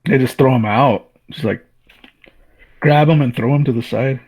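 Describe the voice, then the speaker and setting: A man's voice: medium pitch, moderate pace, a little mellow, husky. A man co-hosting a casual film review chat, in a laid-back way that agrees and adds scene details. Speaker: co-host.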